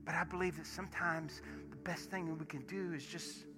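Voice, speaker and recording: Preaching over soft worship music in a church sanctuary, this pastor tells stories animatedly, performing the dialogue and jumping between whispers and shouts. His male voice is fairly high and he talks fairly quickly.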